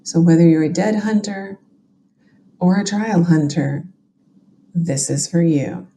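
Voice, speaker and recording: Southern woman with a deep, mellow voice. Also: slow, slight background noise. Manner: chatty, opinionated asides. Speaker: genealogy and true crime podcast host. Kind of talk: casual commentary on court records.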